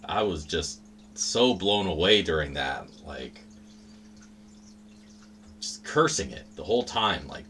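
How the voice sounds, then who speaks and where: A man hosts a livestream, rambling casually and swearing freely. His voice sits low but sounds bright and jumps around a lot in pitch. Faint room noise hangs under his talk. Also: animated, slow pace, long pauses. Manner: rambling, profane, laid-back. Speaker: livestream host.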